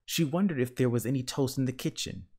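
A man reading a children's picture book aloud with gentle, measured storytelling. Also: mid-range voice, breathy edge. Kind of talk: children's read-aloud narration.

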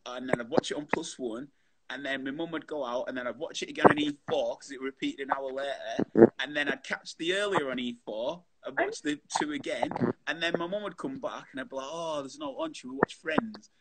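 A man's voice: mid-range voice, lively intonation, brisk, heavy background noise. A man hosting a casual chat show over a video call, chatty and full of matey banter.

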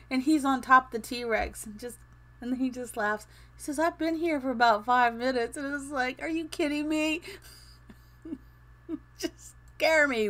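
A woman's voice: mid-range voice, fairly bright tone. Woman, fifties, from Arizona, chatty, rambling, laughs often, casual game stream. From Phoenix, Arizona. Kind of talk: casual chat while gaming.

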